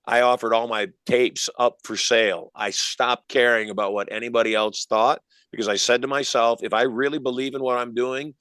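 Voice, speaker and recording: An older man, a hypnotist guest in an interview, telling stories with energetic emphasis. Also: medium pitch, moderate pace, few pauses, smooth, dry recording. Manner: energetic, emphatic, acts out quoted voices. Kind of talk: animated storytelling interview.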